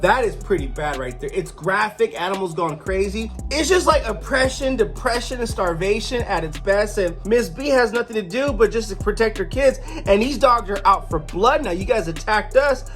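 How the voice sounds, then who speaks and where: A chatty comic book reviewer narrates a story in a casual, offhand way and drops in jokey asides. Their pitch swings widely and keeps things lively, and faint music plays quietly in the background. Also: normal speed, hardly any pauses.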